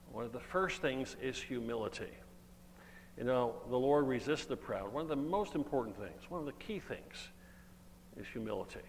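A man's voice: medium pitch, animated, normal speed. Male preacher in an echoing hall. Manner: earnest, emphatic preaching with Bible reading. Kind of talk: sermon. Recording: long hall reverb, faint hum.

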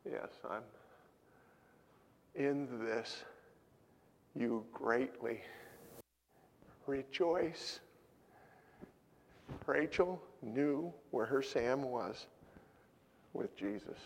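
An older man preaching a sermon, telling a story with strong emotion, swinging from loud to hushed. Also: mid-range voice, creaky, slight background noise. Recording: long hall reverb.

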